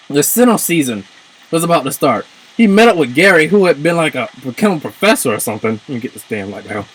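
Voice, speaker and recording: A man ranting in casual commentary, swearing and breaking into shouts. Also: sits high, poor audio. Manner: animated, swears, jumps into shouts. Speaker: video commentator.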